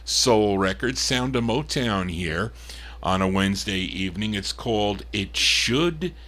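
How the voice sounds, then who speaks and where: A man with a fairly low voice hosts a live vinyl record show, introducing songs in casual DJ chat. He rambles and restarts, leaning on fillers, and his tone is bright and forward. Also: animated, measured pace. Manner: rambling and chatty, with many fillers and restarts, calling himself by name.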